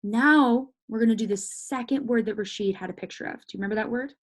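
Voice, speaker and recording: A woman teaching a phonics lesson to young children, speaking slowly in a sing-song, encouraging way and sounding out letters, sometimes dropping to a whisper. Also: on the high side. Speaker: first grade teacher.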